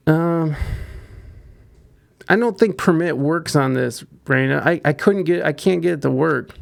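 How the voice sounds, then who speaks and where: A man's voice: fairly high pitch, unhurried, creaky. A man hosting a podcast, giving casual, profane news commentary with many restarts. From United States. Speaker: podcast host.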